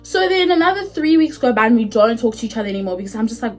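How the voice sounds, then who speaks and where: A woman's voice: on the high side, very fast, soft background music. Chatty young South African woman. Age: 20s. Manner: chatty, animated, swears freely. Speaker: vlogger. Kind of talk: casual storytime.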